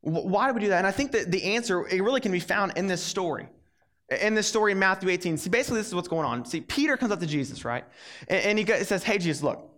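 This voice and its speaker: A young adult man giving a casual, animated sermon, telling the story in a lively way and acting out its characters. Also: high voice, fast. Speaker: preacher.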